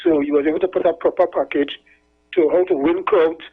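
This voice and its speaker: A man's voice: fairly high pitch, fairly even intonation, brisk, husky. A man calling into a talk show, rambling and repeating himself as he tells stories. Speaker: caller. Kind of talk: casual call-in chat. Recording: tinny phone line.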